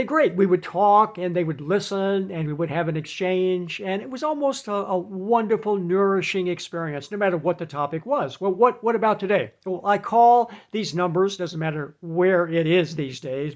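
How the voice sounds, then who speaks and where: Chatty man with a high, lively voice. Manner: chatty, animated, laughs at his own jokes. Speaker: vlogger giving advice. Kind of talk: casual talk to camera.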